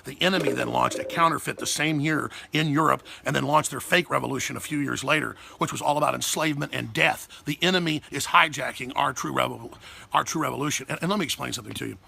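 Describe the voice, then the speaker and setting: A man with a Texan accent hosts a talk show, ranting in a fiery, emphatic monologue. His voice is gravelly and husky. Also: medium pitch, quick pace, bright, forceful tone. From Texas. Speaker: host.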